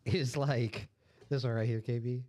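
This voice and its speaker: A man's voice: mid-range voice, steady tone, unhurried, a little mellow. A man in casual podcast chat, joking and teasing the others.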